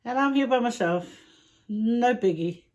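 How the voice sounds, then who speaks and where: A woman vlogging a mukbang at home, chatting casually to her viewers in an unhurried way, with small laughs and sighs. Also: on the high side, animated, a little mellow. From Samoa. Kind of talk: casual chat to camera.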